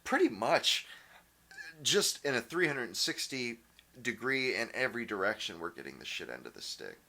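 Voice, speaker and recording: A man hosting his own channel, ranting casually in a blunt, profane way, with many halting restarts and fillers. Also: mid-range voice, sing-song, creaky, sharp tone. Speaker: channel host. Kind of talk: casual opinion rant.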